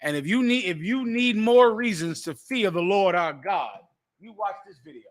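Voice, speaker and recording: A man hosting a talk show, giving forceful preaching commentary and repeating phrases for emphasis. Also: high voice, animated, normal speed, dry recording. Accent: American.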